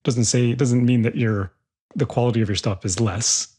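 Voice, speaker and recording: A man's voice: mid-range voice, fairly even intonation, normal speed, darkish tone, breathy edge. A man hosting a songwriting podcast, chatting casually and rambling with many restarts. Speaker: podcast host. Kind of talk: casual interview chat.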